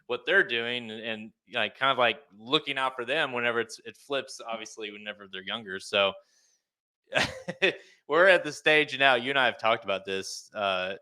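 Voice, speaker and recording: A man's voice: mid-range voice, moderate pace, bright, forceful tone, clean tone. A man in his thirties co-hosting a podcast, talking loosely and laughing often. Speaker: podcast co-host. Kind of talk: casual chat.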